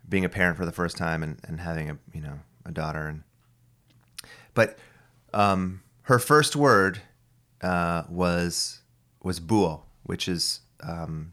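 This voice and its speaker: Podcast host, man in his thirties, very deep voice; loose, profane, rambling delivery. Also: fairly bright tone. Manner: profane, ranting, full of restarts. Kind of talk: casual rambling monologue.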